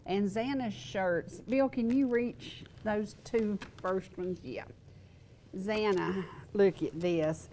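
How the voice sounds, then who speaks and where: An older woman hosting a local TV talk show, chatty and quick to laugh, wheezy and congested. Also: medium pitch, darkish tone, slight background noise. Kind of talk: casual chat. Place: TV studio set.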